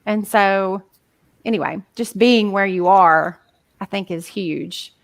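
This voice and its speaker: A woman speaks slowly in a mid-range voice, with no echo, as a guest coach on a podcast. Her chatty delivery is packed with filler words, especially "like," and she voices inner thoughts aloud.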